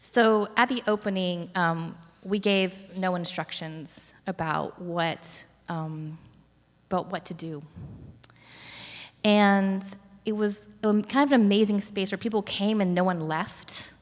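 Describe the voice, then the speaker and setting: A woman's voice: medium pitch, fairly even intonation, slow pace, in a large hall. A woman curator telling a story in a conversational interview, reflective, with many fillers and restarts.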